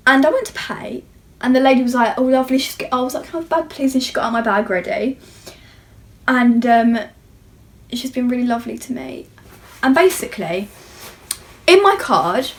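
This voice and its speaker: A young British woman talks through a long shopping story as she does her makeup. Her voice sits a little high, and she rambles and corrects herself as she goes. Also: fairly bright tone. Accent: British English. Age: young adult. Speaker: beauty vlogger. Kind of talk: chatty get-ready-with-me storytime.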